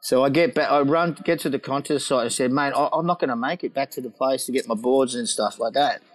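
A man's voice: mid-range voice, fast talker, low-quality recording. A middle-aged man, a former pro surfer, telling a rowdy anecdote with laughs and acted-out quotes. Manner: laughing storyteller, acts out quotes.

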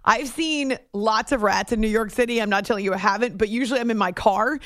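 A middle-aged woman hosting a late-night sports radio show, chatty and animated, in a studio. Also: a little high, quick pace. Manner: chatty, animated storytelling with laughs and restarts. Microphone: studio microphone.

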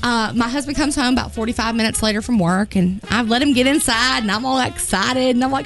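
An animated woman chatting on a radio show, her voice leaping up and down as she acts out each person in her story. Her voice sits fairly high, with a faint music bed underneath. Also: fairly quick, hardly any pauses. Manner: animated, acts out quoted voices with big pitch jumps. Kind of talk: casual storytelling on a morning show.

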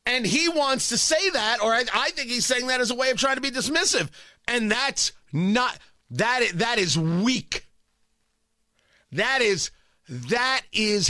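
Animated combative radio host, man. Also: extremely high pitch, unhurried, no echo, studio quality. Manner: combative, sarcastic, emphatic repetition. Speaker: radio talk show host. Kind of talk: opinionated talk radio monologue.

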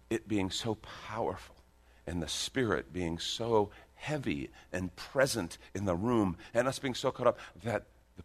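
A man preaching a sermon in a church, animated, with bursts of emphasis and joking asides. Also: low voice. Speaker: pastor. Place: church sanctuary.

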